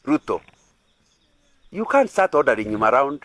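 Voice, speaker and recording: A man's voice: mid-range voice, big pitch swings, moderate pace, a bit bright, no echo. A man preaching at a couples' retreat, earnest and repetitive, often asking the audience if they agree. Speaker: pastor.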